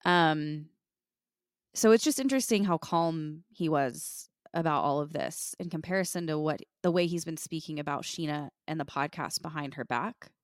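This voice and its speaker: A woman's voice: sits low, moderate pace, no room sound, clean studio sound. A woman co-hosting a podcast, recapping in casual chat and acting out what others said. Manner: animated retelling, quoting others. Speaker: podcast co-host.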